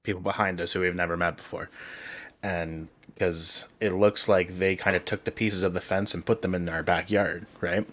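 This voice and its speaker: Host, male, casual podcast chat, rambling storyteller, a bit low. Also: fairly even intonation, normal speed, a bit bright. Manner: rambling storyteller, heavy on "um", "like" and "right?".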